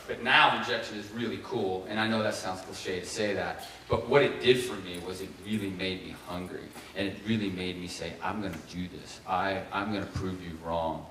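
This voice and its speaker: A middle-aged keynote speaker from Ohio, with a low voice, tells his story at normal speed with hardly any pauses. He animatedly acts out the voices of people he quotes. He sounds far from the mic in a large, strongly echoing conference hall, with faint room noise behind him.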